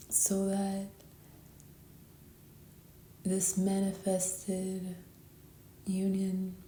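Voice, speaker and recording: Tired woman tarot reader, flat, sleepy half-whisper, very slow delivery. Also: mid-range voice, echoey room, slight background noise. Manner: sleepy, slow and soft-spoken, often whispering. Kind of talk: soft-spoken spiritual tarot reading.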